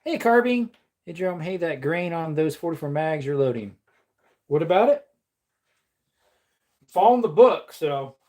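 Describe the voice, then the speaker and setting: A woman's voice: sits low, animated, moderate pace, long pauses, a little mellow. A woman chatting casually on a livestream while reloading ammunition, playful and laughing often. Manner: playful, laughs often, slips into silly voices.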